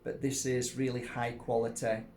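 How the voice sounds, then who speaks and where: A man showing off his crystals in a casual video, gushing with exclamations and squealing up high in delight. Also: level tone, moderate pace, noisy background. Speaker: crystal seller and workshop host. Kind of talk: casual show-and-tell video.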